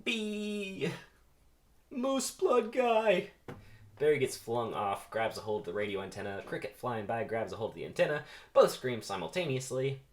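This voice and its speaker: A man's voice: lowish voice, animated, a little fast. A man doing a comedic read-through of a film script, narrating the action with playful, self-mocking asides. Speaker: amateur script reader.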